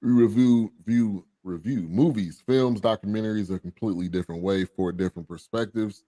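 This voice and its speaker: A man hosting a casual podcast chat, relaxed and laughing often, with loose fillers. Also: on the low side, a little fast, no echo. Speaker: host.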